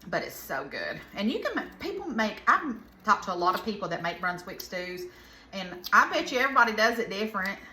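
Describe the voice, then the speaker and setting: Southern woman, home cooking vlog, bright voice, rambling chatty asides, echoey kitchen. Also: mid-range voice, very animated, brisk, a little hiss or hum. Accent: Southern American. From American South.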